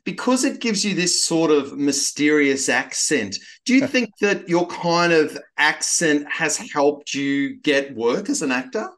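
A man hosting a TV interview show, asking questions in a brisk, upbeat way. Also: on the high side, lively intonation, a bit bright.

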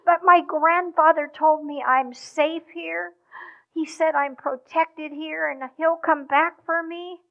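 A woman's voice: sits high, takes it slowly, creaky, phone-quality sound, voice pushed up, heavily acted. A woman voicing a tired young boy who talks himself into feeling safe. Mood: trusting. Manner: eager then calming himself. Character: young boy, tired, trusting his grandpa.

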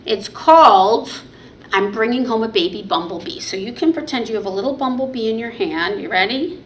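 Young female librarian for baby storytime: bright, high, unhurried, sing-song. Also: animated, a little hiss or hum. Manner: sing-song, cheerful and encouraging toward little ones. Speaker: children's librarian. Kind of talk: baby storytime with songs and rhymes. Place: library program room.

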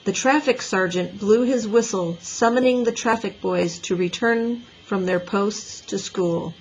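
A woman teacher reading a children's book aloud with an expressive, lively voice. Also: medium pitch, measured pace, slightly rough, lo-fi sound. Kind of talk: storybook read-aloud.

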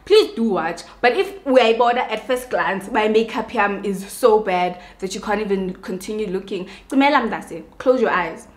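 A young woman with a South African Xhosa accent talks straight to camera while she does her makeup, in an animated, ranting way. She slips between English and Xhosa and keeps checking that her listeners understand. Her mid-pitched voice rings in a bright, echoey room at home. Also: normal speed, hardly any pauses. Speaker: beauty vlogger.

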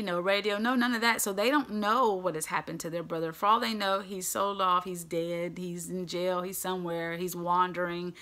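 Woman preacher, bright forceful voice, animated storytelling, sermon. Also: fairly low pitch. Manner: animated, acts out characters in casual voices.

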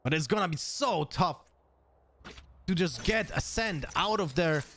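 A man with a non-native English accent doing live esports play-by-play, excitable and thinking aloud with restarts. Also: a little high, unhurried, slight background noise. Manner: excitable, jumps up to shouts on kills. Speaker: esports caster.

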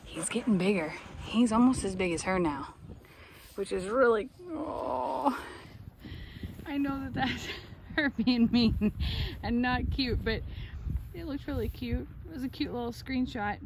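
A Texan woman on her farm chats to the camera in casual vlog style, joking around with her animals outside. Her voice is on the high side and a little slow, with long pauses and some background noise.

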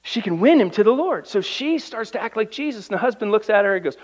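A man's voice: high-pitched, lively intonation, fast, hardly any pauses. A man, a pastor, preaching a conversational sermon in church, asking the congregation rhetorical questions and acting out quoted voices. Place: church sanctuary.

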